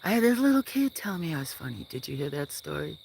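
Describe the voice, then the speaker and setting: A farm live streamer chatting outdoors at night, rambling through stories and often dropping to a hush. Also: mid-range voice, sing-song, quick pace, gravelly, a little hiss or hum. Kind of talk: casual live-stream chat. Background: crickets chirping.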